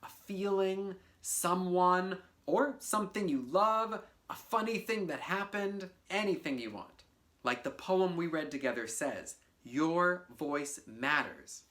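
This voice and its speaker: Low, lively, unhurried woman teaching children. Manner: playful, encouraging, speaks directly to kids. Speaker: teaching artist. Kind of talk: children's poetry lesson. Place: home video for a virtual class.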